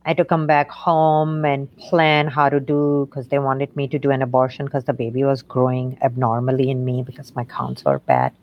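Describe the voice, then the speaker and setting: A middle-aged woman, an interview guest, telling a painful personal story in a halting way with many fillers and restarts. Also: rumbling low, highs cut off. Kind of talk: emotional personal story in conversation.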